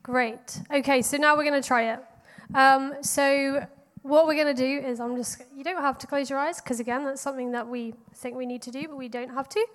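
A woman leading children and families through a guided prayer in a church hall, bright and encouraging with pauses between prompts. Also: sits high, fairly even intonation. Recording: long hall reverb.

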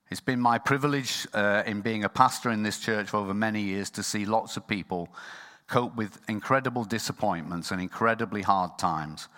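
A lower-pitched man preaches as pastor in a church, his voice bright and forceful. He talks in an earnest way and sometimes drops to a hushed tone. A long hall reverb trails every phrase. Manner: earnest, softening to a hushed close. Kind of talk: sermon.

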